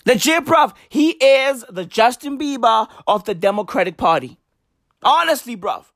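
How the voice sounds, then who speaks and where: A man with doing a profane, animated comedy rant. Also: extremely high pitch, normal speed, no room sound, clean studio sound. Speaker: commentator.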